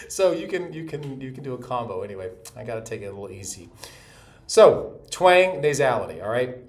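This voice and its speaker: A man from North Carolina who explains vocal technique in a calm, steady voice, hoarse from laryngitis. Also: lowish voice. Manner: explains calmly, with short vocal demos. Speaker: voice teacher. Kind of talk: explanatory voice lesson.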